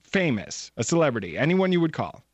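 A man's voice: a little high, big pitch swings, a little fast, no room sound. A middle-aged man hosting a talk show, chatting casually and laughing often. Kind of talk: casual chat.

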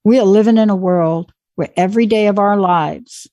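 A woman in her forties, a guest speaker telling an animated, motivational story. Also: mid-range voice, normal speed, no room sound. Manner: animated, acts out quoted voices.

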